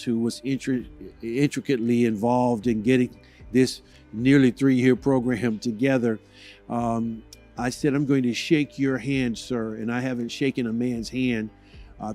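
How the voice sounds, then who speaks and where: A man hosting, giving an earnest tribute and commentary in a halting way with many fillers. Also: medium pitch, a little mellow. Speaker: host.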